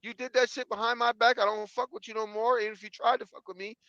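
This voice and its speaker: A man in his fifties argues defensively in casual talk, swearing and circling back to the same words. His voice sits high and sounds sharp and bright. The stream audio is dull and lo-fi, but dry. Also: little pitch movement, fast talker, no echo. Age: 50s. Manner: defensive, profane, repeats himself. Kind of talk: heated casual conversation.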